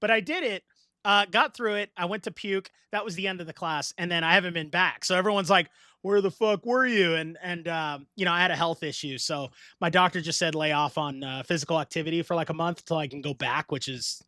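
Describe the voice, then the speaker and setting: A middle-aged man hosting a casual podcast chat, animated, laughing often and swearing freely. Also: on the high side, brisk, dry recording, clean studio sound. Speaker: podcast host.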